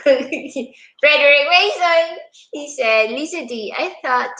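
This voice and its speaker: A woman's voice: high-pitched, expressive, slow, pushed and bright, roomy sound, rough recording. A woman co-hosting a casual livestream, cheerfully reading out viewer comments. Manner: cheerful, laughs, reads out comments.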